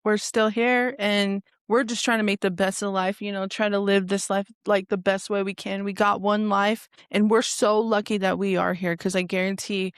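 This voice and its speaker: A woman hosts the talk in an encouraging, rambling way, leaning on filler words and often laughing along with her guests. Her pitch is middle of the road, and the sound is close and dry. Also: level tone, moderate pace, hardly any pauses, clear, resonant tone, no echo. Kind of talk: casual chat.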